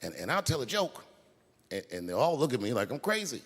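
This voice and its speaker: A man doing stand-up comedy on stage at a large live venue, telling stories in a laid-back way with sudden loud outbursts. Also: medium pitch, sing-song, a little fast, vocal fry, breathy edge. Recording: echoey arena with crowd noise.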